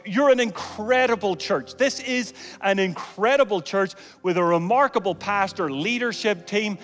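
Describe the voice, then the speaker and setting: Guest preacher, male, high voice, dynamic with hushed moments and jokes, reverberant auditorium with music bed. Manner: dynamic, swings from loud calls to hushed near-whispers; humorous asides. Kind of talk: sermon with altar call. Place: large church auditorium.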